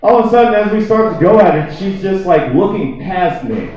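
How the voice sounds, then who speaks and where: During a stand-up comedy set, a man with a high, animated, brisk yet slightly mellow voice tells a rambling, profane story full of "like." The lo-fi room recording sounds echoey, distant and dull.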